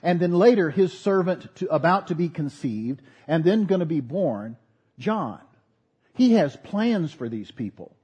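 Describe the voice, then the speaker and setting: A pastor preaching a sermon, earnest with folksy asides. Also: male voice, fairly high pitch, lively intonation, measured pace, dark tone, husky.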